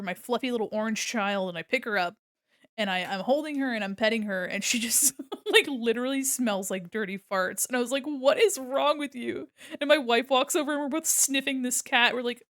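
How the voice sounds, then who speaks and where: A woman's voice: fairly high pitch, brisk, fairly bright tone, dry recording, studio quality. Giggly woman chatting on stream. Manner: giggly, chatty, breaks into laughter often; gushing and affectionate. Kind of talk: casual livestream chat while drawing.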